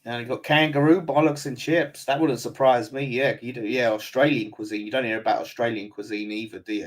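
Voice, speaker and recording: A man's voice: mid-range voice, steady tone, a little fast, few pauses. Chatty Essex man hosting a live stream. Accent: London and Essex. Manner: chatty, blunt, swears casually, says mate a lot. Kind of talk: casual live stream chat reading viewer comments.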